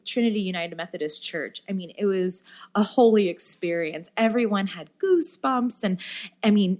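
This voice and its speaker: A woman being interviewed on a podcast, telling a story in a lively, casual way with lots of fillers and acted-out quotes. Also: mid-range voice. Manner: animated storyteller, many fillers, acts out quoted voices. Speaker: guest, musician and camp director.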